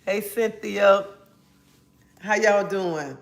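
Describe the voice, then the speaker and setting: A woman hosting a casual livestream, greeting viewers by name and chatting in a relaxed style. She says she feels a little under the weather. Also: medium pitch, gravelly. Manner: greets chat viewers by name, drawn-out friendly talk. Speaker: livestream host.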